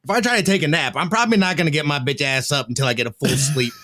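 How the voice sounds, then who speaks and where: A man's voice: fairly high pitch, racing, bright, forceful tone. A tired man in his thirties rambles through a story on a gaming podcast, often laughing mid-sentence. His voice sits a little above the usual male range. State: tired from no sleep. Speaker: podcast co-host. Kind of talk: casual chat.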